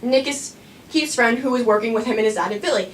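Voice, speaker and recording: A young woman's rather high voice rushes through a nervous, self-deprecating, rambling story performed live. The setting is a small performing arts studio, and her stage voice is captured from afar amid faint room noise.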